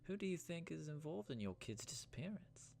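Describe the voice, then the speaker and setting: A man's voice: medium pitch, wildly swooping pitch, normal speed, creaky, darkish tone, slight background noise, pitched above the performer's own voice. A man voicing a mysterious, knowing woman in a game, with a theatrical, lilting delivery and a wavering British Isles lilt. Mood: knowing, teasing.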